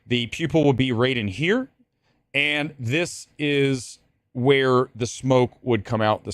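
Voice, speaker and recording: A man's voice: medium pitch, slow pace, dry recording, studio quality. A man hosting a live-stream movie talk show, rambling, joking and cursing as he goes. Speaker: host.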